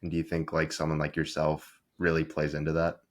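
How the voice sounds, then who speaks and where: A male podcast host asking his guest long, measured, loosely phrased questions. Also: extremely low pitch, monotone. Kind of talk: interview questions.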